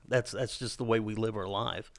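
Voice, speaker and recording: Gravelly halting middle-aged dad. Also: male voice, on the low side, fairly even intonation, no echo, studio quality. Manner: halting, many fillers, self-deprecating. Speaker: podcast co-host. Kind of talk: casual devotional chat.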